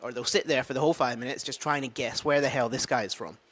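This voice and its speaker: A man's voice: medium pitch, fairly even intonation, fast talker, a bit bright. A man with a Scottish accent, an open mic comedian, chatting casually in a vlog, rambling and thinking aloud with many fillers. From Scotland. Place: at home with a dog.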